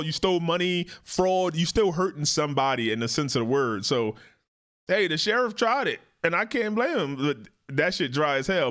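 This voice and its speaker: A man hosting a reaction video, giving blunt, profane, animated commentary. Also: a little high. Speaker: react channel host.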